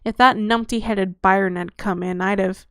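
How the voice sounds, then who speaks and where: Brief: woman reader playing a blunt, chatty vampire girl; mid-pitched, dry close mic. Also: fairly even intonation, a bit bright, no echo, close to an everyday voice. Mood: breezy. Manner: rapid breezy patter, crude slang.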